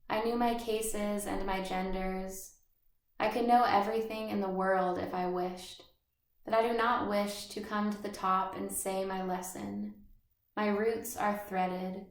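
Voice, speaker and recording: A woman reading the part of a neat, proud, lonely schoolboy in measured literary narration. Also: medium pitch, fairly bright tone. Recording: roomy echo.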